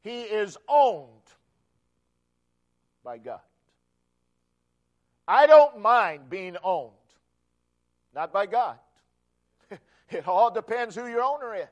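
A man preaching a sermon, slow and emphatic, repeating key phrases and building to loud climaxes. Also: sits high, very animated.

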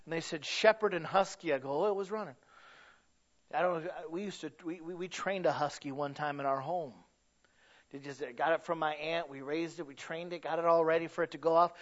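A man preaching a sermon, telling stories and building to loud, emphatic points. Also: fairly high pitch. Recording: dull lo-fi recording.

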